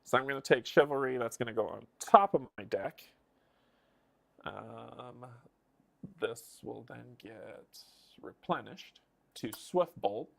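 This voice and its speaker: Guy on a live stream muttering through his board game turn, counting stuff out loud. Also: medium pitch, creaky. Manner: muses and counts moves under his breath. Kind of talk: casual live-stream thinking aloud.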